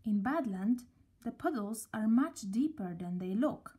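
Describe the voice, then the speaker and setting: Slow, husky woman reading a children's story. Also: on the high side, expressive, mellow. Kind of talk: children's story read aloud.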